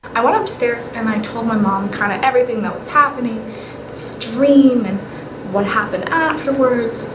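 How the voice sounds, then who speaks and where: A woman's voice: fairly high pitch, normal speed. Chatty young woman, echoey room. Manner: chatty, animated, with whispered asides. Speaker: vlogger. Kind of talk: casual storytelling. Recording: echoey room with clear background noise.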